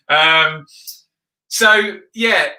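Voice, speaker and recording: A man's voice: sits high, very slow, pushed and bright. A man hosting a football video, chatting casually and rambling with frequent ums while he reads out viewer comments. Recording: roomy echo.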